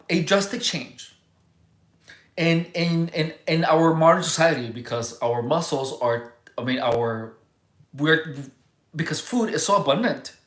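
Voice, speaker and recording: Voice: mid-range voice, fairly bright tone. Rambling livestream host in an echoey room. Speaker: livestream host reading viewer chat. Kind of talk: casual livestream talk.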